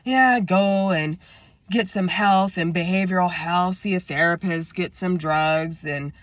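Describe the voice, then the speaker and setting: A woman's voice: fairly low pitch, measured pace, no room sound, natural voice. A woman voicing a hungover, rambling young man who talks in a groggy, self-pitying way.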